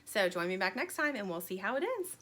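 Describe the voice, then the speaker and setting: Bright, lively woman reading a storybook. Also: mid-range voice, fairly quick. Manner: expressive, friendly storytelling. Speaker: children's book reader. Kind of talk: reading a children's book aloud.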